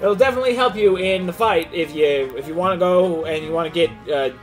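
A man's voice: fast, faint music behind, close to an everyday voice, rough recording. A man voicing a condescending male priest who hands over a powerful sword. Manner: low and dismissive.

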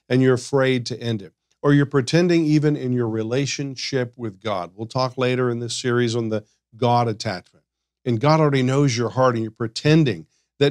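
Man, counselor, podcast discussion, animated, acts out quotes, dry close sound. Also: mid-range voice, brisk, no room sound.

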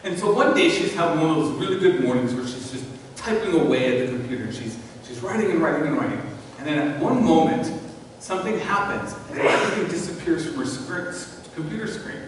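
A male pastor preaching a sermon in a church, telling a story and swinging between hushed and loud. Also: on the high side, lively intonation, a little fast. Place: large church sanctuary. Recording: distant mic, long church reverb, faint noise.

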